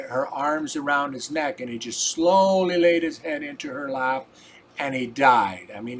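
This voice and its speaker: A man's voice: on the high side, slight background noise. An older man telling a personal story in a casual, rambling, folksy way, repeating "I says" and turning earnest and preachy about faith.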